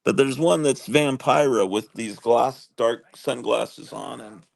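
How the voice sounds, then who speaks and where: A man hosting a livestream in casual chat, rambling and halting with many restarts. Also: medium pitch, gravelly. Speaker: livestream host.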